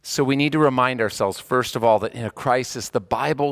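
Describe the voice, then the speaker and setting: A man preaching a conversational sermon, moving between animated bursts and quiet, hushed passages. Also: mid-range voice, moderate pace, few pauses, no room sound, studio quality. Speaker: pastor.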